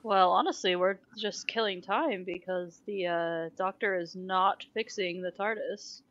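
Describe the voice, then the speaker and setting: A woman playing a tabletop role-playing game, speaking in a calm, measured way. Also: on the low side, muffled recording. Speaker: player. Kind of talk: tabletop game in-character play.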